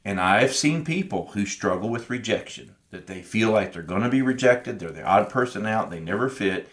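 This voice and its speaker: The co-host, a middle-aged man, has a fairly low, fairly bright voice with lively intonation and a moderate pace. On the podcast he shares a personal story in an earnest, thoughtful way, reenacting old conversations.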